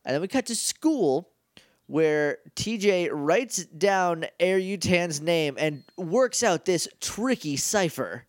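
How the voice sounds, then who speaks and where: A young man co-hosting a podcast, casually recapping a show with jokes and quick quoted voices. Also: high-pitched, lively intonation, no echo, clean studio sound. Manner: joking, retells scenes with quick quoted voices. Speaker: podcast co-host. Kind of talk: casual comedic recap chat.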